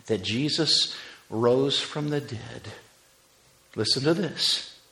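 A man preaching as pastor, swinging from loud fervent exhortation to a soft, hushed prayer. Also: mid-range voice, slow pace, vocal fry, reverberant, rough recording. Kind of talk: sermon and closing prayer. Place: church.

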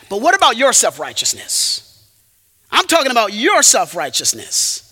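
A man preaching a sermon, emphatic, swinging from loud points to quiet asides. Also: extremely high pitch, very animated, moderate pace, slightly rough, in a large hall. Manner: emphatic, rises and drops sharply for effect.

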